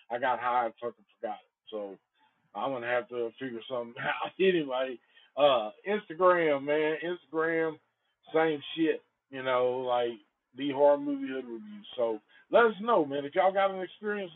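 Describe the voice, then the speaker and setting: Male podcast host, loose and profane, tells stories animatedly; lo-fi phone-quality audio. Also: mid-range voice. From Antioch. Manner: profane, rambling, animated storyteller. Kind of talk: casual storytelling.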